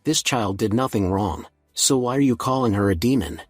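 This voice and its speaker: A man's voice: lowish voice, moderate pace, dry recording, clean studio sound, faint music behind, lightly acted. A man reading as a cold, ruthless teenage boy.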